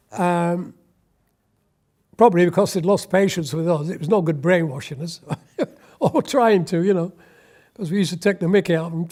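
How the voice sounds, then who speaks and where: A man's voice: high-pitched, a little mellow. A man, telling a wry, anecdotal war story in an oral history interview. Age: 80s.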